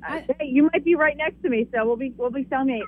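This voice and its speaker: A woman's voice: high voice, quick pace, narrow, tinny audio. A woman co-hosting a morning radio show, joking playfully in casual banter. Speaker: radio co-host.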